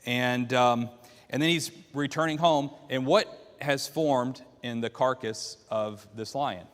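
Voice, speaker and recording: A man's voice: medium pitch, slow pace, long reverb tail. A man teaching a Bible class, walking listeners through the story by quizzing them with questions. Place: church classroom.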